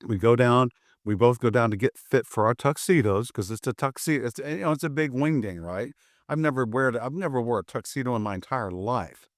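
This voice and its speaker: A man's voice: medium pitch, brisk, dry recording, clean studio sound. An older American man, a martial arts instructor, telling a story casually and acting out both sides of old conversations. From USA.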